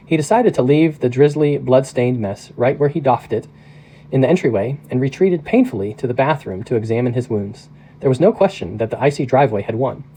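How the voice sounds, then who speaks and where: Pastor as audiobook narrator: mellow, even, measured man. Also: medium pitch, slight background noise, rough recording. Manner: steady, measured reading. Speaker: pastor reading a novel aloud.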